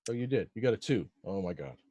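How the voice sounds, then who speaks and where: A man narrating as game master of a tabletop game, casual and halting, with fillers and frequent pauses for dice rolls. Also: on the low side, animated, warm tone, no echo.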